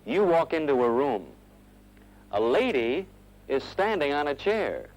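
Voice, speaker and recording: A man narrates a 1970s English course film in a slow, deliberate way. His pitch sits a bit high and rises and falls a lot as he models each phrase clearly for learners to repeat. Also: very animated, a little mellow, rough recording. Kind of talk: scripted instructional narration.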